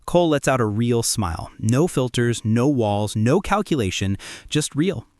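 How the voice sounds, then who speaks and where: A man's voice: mid-range voice, lively intonation, moderate pace, a little mellow, dry recording, studio quality. Man narrating a story, casual and wry. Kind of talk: first-person audiobook story narration.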